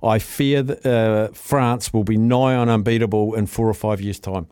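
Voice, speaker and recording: A man's voice: on the low side, fairly even intonation, moderate pace, dark tone, clear, resonant tone, no room sound. A man hosting a casual radio show, upbeat as he reads listener messages aloud into a studio microphone. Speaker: radio host.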